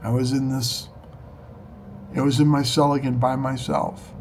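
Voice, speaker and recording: A man telling a personal story in an earnest, halting way, often restarting his sentences. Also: medium pitch, level tone, slight background noise. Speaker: storyteller recounting a spiritual experience. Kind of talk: personal testimony.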